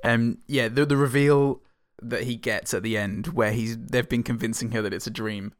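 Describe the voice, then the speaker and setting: A man's voice: medium pitch, steady tone, moderate pace, no room sound, clean studio sound. Sweary man chatting casually. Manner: sweary, joking, trails off. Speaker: podcast co-host. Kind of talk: casual chat.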